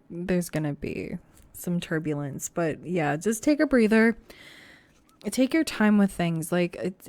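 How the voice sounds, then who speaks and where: A woman's voice: lowish voice, a little mellow, no echo. A woman giving a casual, encouraging tarot reading to camera, chatty and reassuring, with frequent fillers. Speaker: tarot reader.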